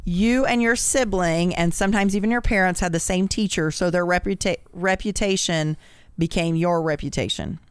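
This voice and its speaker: A woman's voice: fairly low pitch, normal speed, smooth, no echo. A woman co-hosting a casual podcast, reading funny posts aloud and laughing often as she goes. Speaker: podcast co-host.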